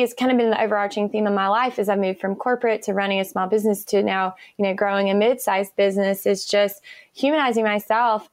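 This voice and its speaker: A woman's voice: medium pitch, no echo. Woman, 30s, podcast guest: chatty, upbeat storyteller, dry close sound. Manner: enthusiastic, chatty, laughs often. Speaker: guest, business owner.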